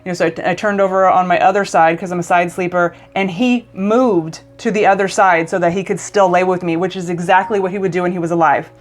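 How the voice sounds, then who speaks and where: A woman's voice: fairly low pitch, steady tone, fast, few pauses. A woman vlogger telling a personal story in a casual, emotional way, often stumbling and restarting mid-sentence.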